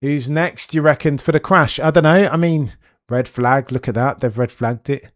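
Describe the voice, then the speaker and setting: A young man streaming live race commentary, chatty and animated, with excited bursts and muttered asides. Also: mid-range voice, moderate pace, dry recording.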